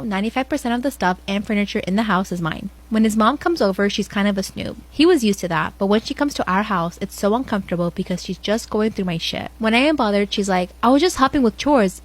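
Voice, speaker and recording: A woman reading online stories aloud in a fast, even storytelling voice. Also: medium pitch.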